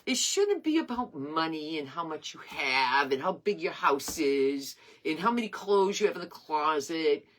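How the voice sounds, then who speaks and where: A woman's voice: sits low, very animated, normal speed, few pauses, fairly bright tone. A woman in her sixties hosting her craft page live, chatting in a rambling, earnest and emotional way. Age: 60s. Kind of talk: casual live-stream chat.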